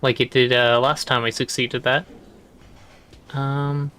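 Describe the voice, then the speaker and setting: A man's voice: mid-range voice, little pitch movement, slow, sharp tone, clean tone. A man casually commenting as he plays a video game on a livestream, chatty and musing.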